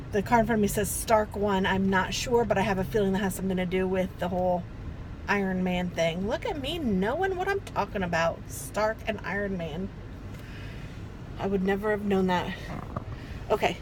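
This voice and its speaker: A middle-aged woman vlogging casually from her car as she drives, chatty, flustered and self-deprecating, talking into a phone on a gooseneck holder. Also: medium pitch. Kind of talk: casual driving vlog. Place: inside a car while driving. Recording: car noise behind her.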